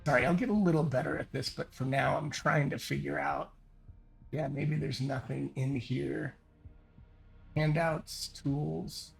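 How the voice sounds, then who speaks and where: Slow, gravelly man narrating a solo game. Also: fairly high pitch, fairly even intonation. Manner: halting, hesitant, thinking aloud. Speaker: solo game master and player. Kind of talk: thinking-aloud tabletop narration.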